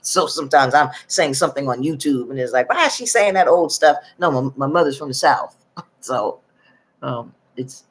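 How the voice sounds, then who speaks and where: A woman from the northern United States, talking to her channel in a loose, rambling way as she reads out figures, with many pauses and self-corrections. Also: rumbling low, slightly rough. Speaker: YouTube commentator. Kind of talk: casual monologue reading from documents.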